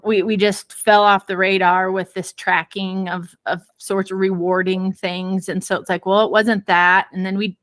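An expressive woman recounting her own family story as an interview guest. Her voice sits at an ordinary middle pitch, and she talks earnestly with easy laughter. The sound is close and dry. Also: no echo. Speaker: parenting expert guest. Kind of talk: personal storytelling in a podcast interview.

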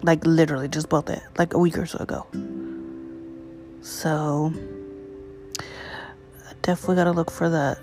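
A young woman hosts a casual solo podcast on her own microphone. Her voice sits low, and her talk rambles wearily with breathy little asides. Faint music plays behind her. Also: steady tone, normal speed, long pauses, a little mellow. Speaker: podcast host. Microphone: USB microphone.

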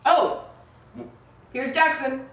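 A woman's voice: high-pitched, fairly even intonation, very slow, heavy background noise. A woman playing in a tabletop game, playful and joking in casual chat. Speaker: player. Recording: roomy sound, distant mic.

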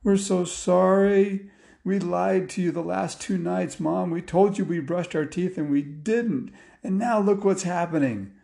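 A man plays two frightened young boys who talk in unison, their voices pitched high and pleading. The tone stays mellow and a little dark for all its height. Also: a little slow, gravelly. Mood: remorseful.

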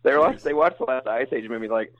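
A man's voice: medium pitch, expressive, fast talker, no room sound, lo-fi sound. A middle-aged man who works as a voice actor, chatting casually and rambling with frequent laughs. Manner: easygoing, laughs often, rambling asides. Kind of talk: casual conversation.

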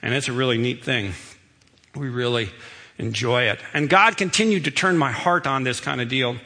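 Middle-aged male preacher, bright tone, storytelling sermon with hall reverb. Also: medium pitch, moderate pace. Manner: conversational, storytelling, emphatic. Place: church sanctuary. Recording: long reverb of a church hall.

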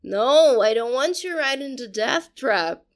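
A woman reading the lines of a drunk young man, slurring and loudly protesting in a storybook. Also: fairly low pitch, fairly even intonation, unhurried, pitched below the performer's own voice.

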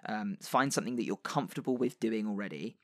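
A man co-hosting a podcast, chatting easily and handing out tips about role-play. His voice is low and gravelly. The sound is dry and close, with no room echo. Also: animated, fast, a bit bright. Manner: chatty, gives tips with frequent fillers. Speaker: podcast co-host. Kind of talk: casual chat about tabletop role-play.

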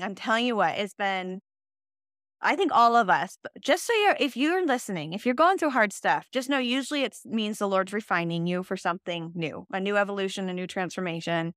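A woman and mother co-hosting a faith podcast, talking in an earnest and animated way. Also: medium pitch, dry recording, clean studio sound. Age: adult with children. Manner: earnest, animated, laughs while telling stories. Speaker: podcast co-host.

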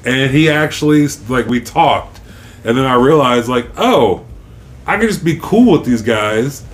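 A man co-hosting a podcast in relaxed, jokey casual chat, telling stories. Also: unhurried. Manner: laid-back, jokey, acts out quotes in high voices. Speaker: podcast co-host. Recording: faint background noise.

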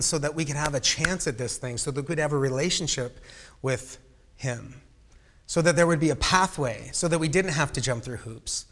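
A young man preaching a casual sermon, often laughing and joking with the room between halting restarts. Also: fairly high pitch, fairly bright tone. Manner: joking, self-deprecating asides to the room. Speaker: youth pastor.

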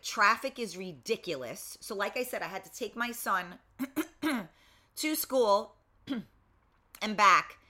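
A middle-aged woman hosting a casual talk show, blunt and swearing freely, losing her voice and often clearing her throat. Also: medium pitch, pushed and bright. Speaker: show host.

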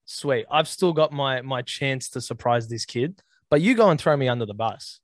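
A man's voice: mid-range voice, lively intonation, moderate pace, no echo, clean studio sound. A man co-hosting a podcast, talking in casual, teasing banter with his mates. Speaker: podcast co-host. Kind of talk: casual chat.

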